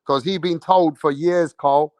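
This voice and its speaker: On his boxing livestream, a London-accented host speaks in a fairly high voice with fairly even intonation and a slightly slow pace. Brash and full of slang, he swears, repeats himself, and calls out questions to his chat, then waits for answers. His tone is a little mellow, with no room sound.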